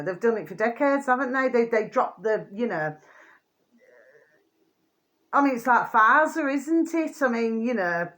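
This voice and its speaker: A woman hosting her own channel, talking in a rambling, casual monologue. She keeps asking if listeners know what she means and drops to a murmur between louder bursts. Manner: chatty, repeats pet phrases and asks "do you know what I mean"; often drops to a low murmur, then rises high and laughs. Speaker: channel host.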